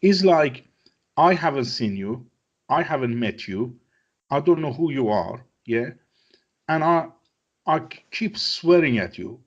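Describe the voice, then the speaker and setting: Man from iran, persian first language, husky, emphatic and repetitive, dull lo-fi audio. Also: mid-range voice, expressive, a little slow, long pauses. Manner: emphatic, broken English, repeats phrases. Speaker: guest. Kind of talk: conversational interview.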